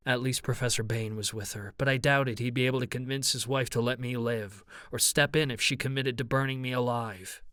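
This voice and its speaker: A man narrating an audiobook in the first person, with a steady, even storytelling delivery. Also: mid-range voice, clean tone, dry recording, studio quality.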